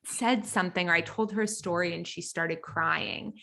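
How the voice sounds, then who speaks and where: A woman hosting a podcast, thinking aloud in a relaxed, conversational way. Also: lowish voice, moderate pace, vocal fry. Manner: thoughtful, conversational, many fillers and restarts while thinking aloud. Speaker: podcast host.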